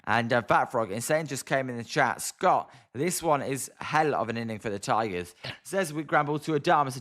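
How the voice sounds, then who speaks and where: British male streamer, excitable play-by-play, mid-range voice, grumbles at his team, chats with viewers. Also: medium pitch, moderate pace, hardly any pauses. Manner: exasperated, chatty, reads viewer comments aloud. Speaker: live-stream sports commentator. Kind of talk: casual play-by-play watch-along.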